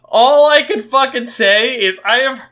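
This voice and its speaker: A man in casual podcast chat with friends, excitable and often laughing through his sentences. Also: sits high, measured pace, over a noisy crowd. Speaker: podcast co-host.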